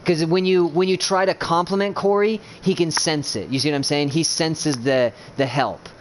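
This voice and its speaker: Coaching his teammates over casual gaming voice chat, a man with a slightly high voice rambles through many false starts, blunt and swearing freely. He speaks at a moderate pace with fairly even intonation, earnestly checking they follow him, and a faint hiss sits behind his voice.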